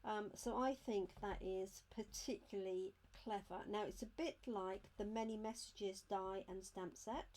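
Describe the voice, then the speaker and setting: Slow, chatty craft demonstrator. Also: female voice, mid-range voice, fairly even intonation, darkish tone. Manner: chatty, explains step by step while handling items. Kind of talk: live craft unboxing demo.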